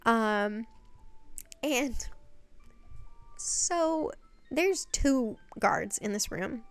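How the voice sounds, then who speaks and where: Chatty young woman, slightly high voice. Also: lively intonation, very slow, pauses often, no echo. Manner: chatty, swears, rhetorical questions. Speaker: video essayist. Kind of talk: casual recap monologue. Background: faint background music.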